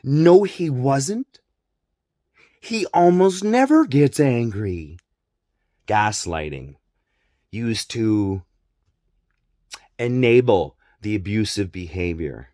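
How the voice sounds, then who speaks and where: Slow, emphatic man venting to camera. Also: on the low side, big pitch swings, darkish tone, dry recording, studio quality. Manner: emphatic and repetitive, swears openly. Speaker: vlogger. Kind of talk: personal monologue on family abuse.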